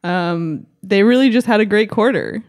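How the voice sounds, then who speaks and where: A young woman co-hosting a laid-back basketball podcast in a mid-pitched, natural voice. She is playful, tosses in quick jokes and teases her co-host. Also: animated, darkish tone. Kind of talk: casual chat recapping a basketball game.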